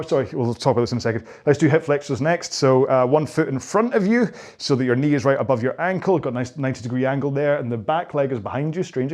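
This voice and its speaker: This is follow-along workout instruction from a middle-aged rowing coach whose voice is medium-pitched and a little mellow. He walks through post-rowing stretches while chatting, teasing himself, and going off on rambling tangents.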